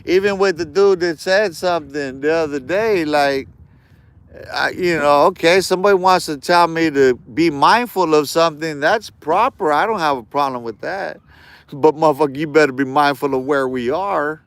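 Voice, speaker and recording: Smooth-voiced man ranting on a stream. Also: fairly high pitch, normal speed, fairly bright tone, no room sound. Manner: heated, streetwise slang, repeats words. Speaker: live streamer. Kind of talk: casual ranting monologue.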